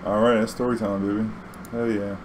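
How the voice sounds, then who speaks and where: A man's voice: fairly low pitch, little pitch movement, a little fast, darkish tone, a little hiss or hum, poor audio. A man telling a casual storytime vlog, loose and profane, full of "you know"s. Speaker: vlogger.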